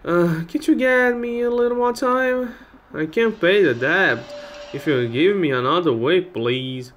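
A man voicing a frail, tearful old woman in debt, in a high, wavering, pleading voice. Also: a little slow, fairly bright tone, slight background noise. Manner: apologetic and pleading.

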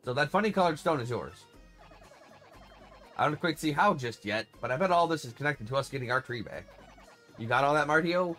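A crotchety old female creature elder barks orders and complains about her aching back, voiced by a man reading game dialogue. Her tone is scolding and impatient, pitched a little above his usual talk. This is casual game-playthrough acting, not a studio performance. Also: animated, a little fast, pauses often, fairly bright tone, soft background music. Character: grumpy bossy old female tree-dwelling creature elder.

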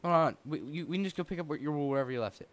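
A young man hosts a game playthrough on a desk mic without a pop filter. He teases his partner playfully, sliding from low mumbles to high yelps with a very lively pitch. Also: rapid-fire, no echo. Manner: playful, teasing, swings from mumbling to yelping. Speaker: let's play host. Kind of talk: casual gameplay commentary.

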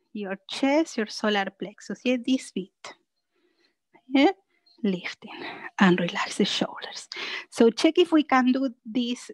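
Woman yoga instructor, unhurried, higher voice, soft breathy exhales, dry close sound. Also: no room sound, rough recording. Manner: gentle, soothing cues with frequent "yeah?" checks; breathy sighs and soft whispered cues on exhales. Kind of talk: guided chair yoga class.

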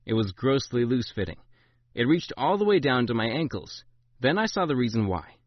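A man narrating a memoir, voicing the quoted lines with big jumps in pitch and loudness. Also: sing-song, a little fast, no room sound. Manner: voices the quotes with big rises in pitch and volume. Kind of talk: dramatic memoir reading. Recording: dull, lo-fi dry recording.

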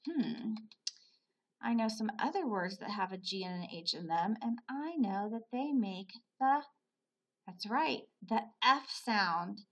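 Slow, patient woman teaching phonics. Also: fairly high pitch, expressive, a bit bright. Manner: slow, patient, repeats words aloud for pupils; praises often, asks questions and answers them. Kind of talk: phonics lesson for children.

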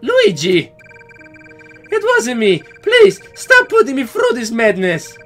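A man voicing a frightened, distraught Mario in a video game, pleading in a strained high voice. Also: wildly swooping pitch, takes it slowly, fairly bright tone, faint music behind, heavily acted.

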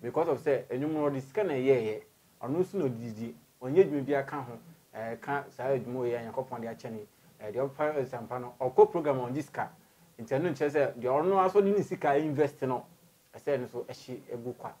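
A man with a Ghanaian accent hosting an interview, talking in an animated way and mixing in English phrases. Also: mid-range voice, a little fast, husky. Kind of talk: interview host.

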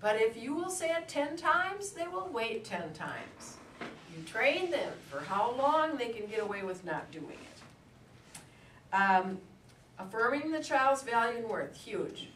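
A woman's voice: on the high side, big pitch swings, slow pace, fairly bright tone, a little hiss or hum. A woman giving a conversational lecture to adults, telling stories as she goes. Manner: storytelling, conversational. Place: lecture room. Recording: echoey room from a distance, faint ambience.

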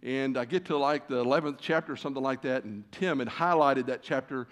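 Animated man preaching a storytelling sermon. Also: medium pitch, a little fast. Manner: animated, acts out quoted conversations. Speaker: guest preacher. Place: church sanctuary.

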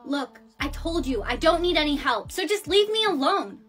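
Young woman lead, high voice, dramatic storytime delivery. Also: faint music behind. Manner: animated, quick dramatic reactions. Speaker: storyteller playing the lead girl. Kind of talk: scripted storytime acting.

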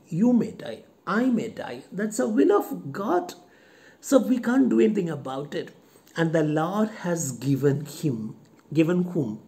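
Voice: medium pitch, dark tone. A literature teacher lecturing on a play. The teacher restates each line, asks what the words mean and speaks to the character as if she were present. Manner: paraphrases the text, then explains words with questions and lists; addresses the character directly as if speaking to her.

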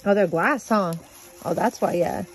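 A mother with the hiccups, gently talking her small child through a craft at home. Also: on the low side, moderate pace, slight background noise. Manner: gentle, coaxing, speaks simply to a small child. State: has the hiccups.

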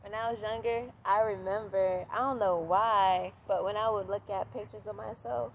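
A woman talking to camera outdoors at sunset in an animated, repetitive casual vlog, swearing freely as she talks. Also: mid-range voice, moderate pace, lo-fi sound, a little hiss or hum. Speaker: vlogger.

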